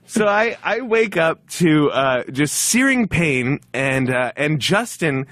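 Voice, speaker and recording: A man's voice: fairly high pitch, slow, no room sound, clean studio sound. A man in his thirties, telling a comic anecdote as a podcast guest. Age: 30s. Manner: animated anecdote, shouting when he quotes others. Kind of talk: comedic storytelling on a podcast.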